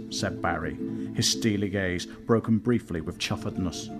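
A man telling a comic story in deadpan, mock-epic narration, with music behind. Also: fairly low pitch, moderate pace.

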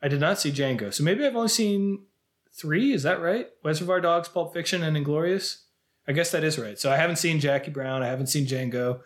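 A man's voice: a little high, brisk. A man co-hosting a podcast, chatting casually about films and laughing easily. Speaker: podcast co-host. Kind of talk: casual film chat.

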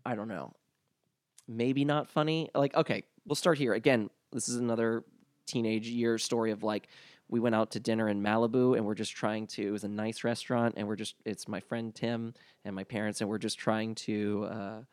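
A man's voice: on the low side, fairly even intonation, normal speed, dry recording, studio quality. A young man telling a story from his teens in a casual chat, rambling with lots of fillers and restarts. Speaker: guest.

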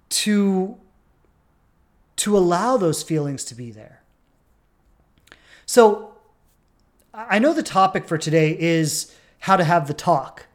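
An earnest relationship coach speaks in a reflective podcast monologue and leans on repeated phrases to drive each point home. The voice sits at a middle pitch. Now and then it jumps into a sudden loud burst before settling back to a calm, steady tone.

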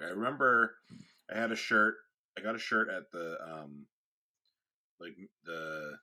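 A man co-hosting a podcast, chatting casually with short replies and relaxed banter. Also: low voice. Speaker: podcast co-host. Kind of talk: casual chat.

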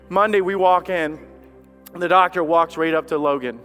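A man preaching a sermon as lead pastor, impassioned, swinging from hushed to loud and repeating phrases. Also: high-pitched, normal speed, faint music behind.

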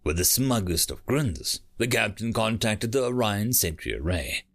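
A man reading a science fiction story aloud as narrator, with dramatic, lively delivery. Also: lowish voice, moderate pace, vocal fry. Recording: faint music behind.

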